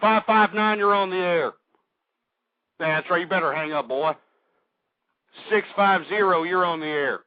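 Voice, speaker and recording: A high-voiced man rants angrily as a call-in radio host, snapping and insulting whoever phones in. The sound is dry and thin, squeezed down like an old phone line. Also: unhurried, pauses often, no echo. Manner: abrasive, insulting, shouting at callers. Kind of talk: aggressive talk radio rant. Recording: dry, tinny phone-like audio.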